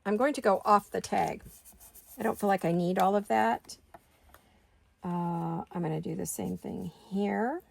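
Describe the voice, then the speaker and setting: A woman's voice: medium pitch, moderate pace, creaky, slight background noise. A middle-aged woman hosting a craft video, chatting casually to her viewers and to herself as she works. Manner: chatty, talks to herself while working.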